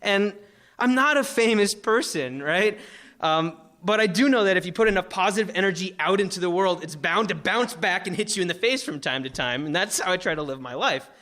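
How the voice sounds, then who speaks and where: A young man from Florida telling an emotional personal story on stage, animated, full of likes and fillers. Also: sits high, fairly quick. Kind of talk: live personal storytelling talk.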